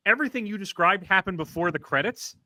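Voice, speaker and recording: A man co-hosting a podcast, tossing in quick jokey remarks during casual chat. His voice is pitched high for a man and very bright and sharp. It swings widely, with a dry, close sound. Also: expressive, dry recording. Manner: quick jokey asides, laughs easily. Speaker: podcast co-host.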